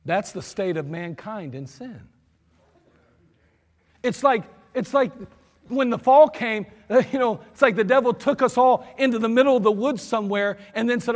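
A man delivers a sermon in an animated storytelling manner and acts out the voices of the people in it. His voice sits high and swings widely in pitch. A long reverb from a large hall trails behind every phrase. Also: normal speed. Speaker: preacher.

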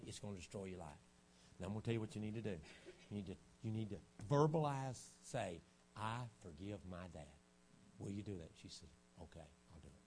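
A man preaching a revival sermon, dropping to a low, hushed storytelling voice and then rising to loud, shouted preaching. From United States. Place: church sanctuary. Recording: archived church recording with faint hum.

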